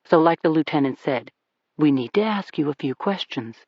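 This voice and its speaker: A reader voicing a confident male ex-prosecutor lawman who makes calm threats in an audiobook. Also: mid-range voice, moderate pace, no room sound. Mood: threatening. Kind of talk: audiobook character reading. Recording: dull dry recording.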